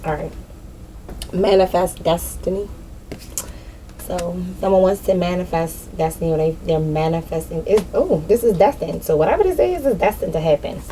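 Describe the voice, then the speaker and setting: A woman's voice: on the low side, animated, moderate pace, warm tone, slight background noise. Blunt, slangy woman doing a spiritual reading. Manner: candid, slangy, swears, talks straight to viewers. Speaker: spiritual reader. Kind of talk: casual spiritual reading vlog.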